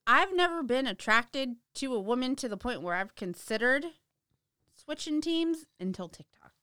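A woman in casual chat, teasing the others with quick quips. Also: high voice, animated, bright, forceful tone, clear, resonant tone, dry recording, clean studio sound.

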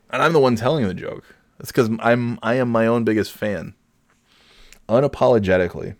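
A man's voice: medium pitch, a little fast, no room sound, clean studio sound. A man hosting his own podcast, rambling in a self-deprecating way and laughing at his own jokes. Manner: breaks into loud mock announcer bits. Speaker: podcast host. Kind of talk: casual solo podcast monologue.

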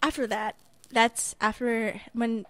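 A young woman tells a story in casual podcast chat. She swings her pitch up and down as she acts out the people in her story, jumping from loud to quiet. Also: slow, no echo. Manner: animated storyteller, acts out voices in quotes. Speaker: podcast co-host.

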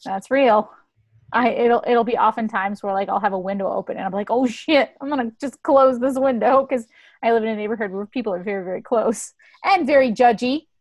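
Thirties woman, comic podcast host, high voice, easygoing and laughing along, dry close mic. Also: no room sound. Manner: agreeable, quick to laugh along. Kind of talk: casual podcast chat.

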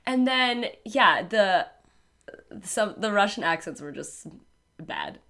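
Young woman podcast co-host, lively pitch, rambling casual chat. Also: slow. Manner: animated, rambling with many fillers.

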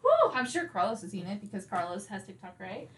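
A woman's voice: mid-range voice, huge pitch swings, a little fast, fairly bright tone. A woman co-hosting a podcast in casual chat, rambling through stories and laughing a lot. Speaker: podcast co-host.

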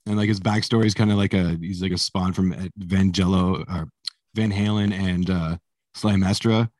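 A man's voice: low voice, fairly even intonation, normal speed, darkish tone, no room sound. A man being interviewed as a musician, telling stories in a rambling, casual way, swearing often and laughing as he goes. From Canada. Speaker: musician guest.

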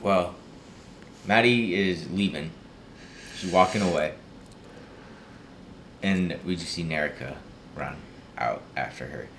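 Low-voiced young man with faint noise. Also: slow, pauses often, a bit bright. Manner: low-key storytelling, acts out quotes. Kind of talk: casual chat.

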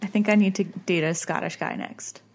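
A woman's voice: mid-range voice, fairly even intonation, moderate pace, darkish tone. A woman co-hosting a podcast, cracking playful jokes and interrupting with teasing asides. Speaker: podcast co-host. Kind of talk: casual chat.

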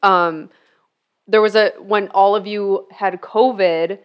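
A woman's voice: mid-range voice, steady tone, slow, clear, resonant tone. A young woman co-hosting a podcast in casual chat, answering often with "yeah" and leaning on "like". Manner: conversational, lots of "yeah" and "like". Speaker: podcast co-host.

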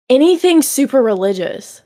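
A woman's voice: high-pitched, big pitch swings, takes it slowly, warm tone, no room sound, studio quality. A woman hosting a casual podcast, chatty and self-deprecating, laughing often and swearing freely. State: hiccups. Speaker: podcast host.

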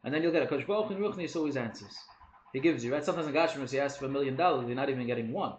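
A man teaches in a casual Torah study session, speaking fast and posing questions as he goes. He mixes Hebrew and Yiddish terms into his English. The recording sounds echoey, with faint noise behind him. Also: mid-range voice.

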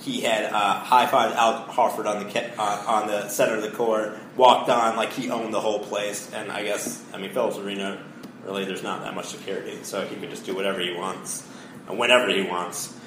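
A man from Connecticut trades playful, excitable banter as a podcast co-host. The room echoes noticeably around him, with a faint hiss underneath. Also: on the low side, a little fast. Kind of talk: casual sports and music banter. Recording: roomy echo, faint background hiss.

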